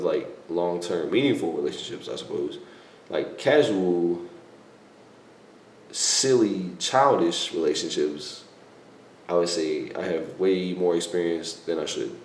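A young man with a fairly low voice talks casually to his viewers, rambling and correcting himself as he goes. The sound is echoey, and a faint hiss sits underneath. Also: darkish tone. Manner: rambling, self-correcting, laughs often. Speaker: YouTuber answering viewer questions. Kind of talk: casual Q&A vlog. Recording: echoey room, faint background noise.

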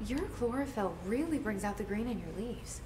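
An actress voicing a dry, wry young woman agent who talks in a deadpan way. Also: on the high side, brisk, natural voice. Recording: game audio under loud noise.

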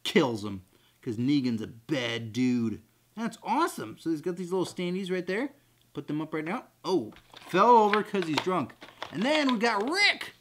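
A goofy, excitable man hosting an unboxing vlog with jokey chatter. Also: a little high, moderate pace.

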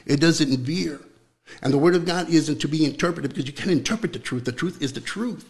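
A young man preaching with fervor in an interview, repeating words as he builds, then dropping to a hushed voice for prayer. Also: a little high, fairly quick.

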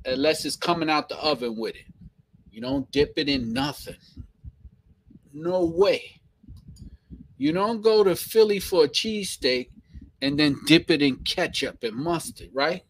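A man's voice: fairly high pitch, poor audio. A man with a Brooklyn accent hosting a live stream, chatting casually and slangily with viewers. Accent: Brooklyn, New York. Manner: slangy, animated, laughs often.

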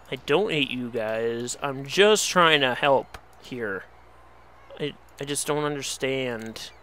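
A man's voice: mid-range voice, gravelly, fairly bright tone, slight background noise. A young man commentating on his game, exasperated and pleading, swearing at the animals as he plays. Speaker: let's play host. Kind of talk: casual gameplay commentary.

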